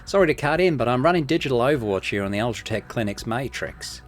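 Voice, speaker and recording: A man voicing a quick, chirpy hacker with a put-on Australian accent, reading game dialogue. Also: medium pitch, expressive, soft background music, close to an everyday voice. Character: hacker running digital overwatch.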